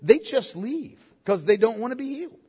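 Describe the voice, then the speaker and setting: High, husky-voiced man preaching a sermon. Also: very animated, moderate pace, dark tone, long reverb tail. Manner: conversational, rhetorical questions, says "man". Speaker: pastor.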